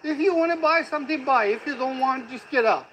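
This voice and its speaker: A man's voice: extremely high pitch, fairly quick, a bit bright, slight background noise, poor audio. A man chatting casually outdoors on a street, teasing and swearing in a mock-grumpy way. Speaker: vlog companion. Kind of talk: casual joking chat.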